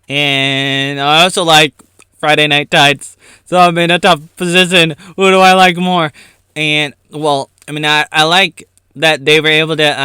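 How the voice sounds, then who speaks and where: Rambling man ranting alone, crisp and bright. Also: medium pitch, no echo, studio quality. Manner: rambling, self-interrupting, goes off on tangents. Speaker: YouTuber. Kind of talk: rambling solo rant.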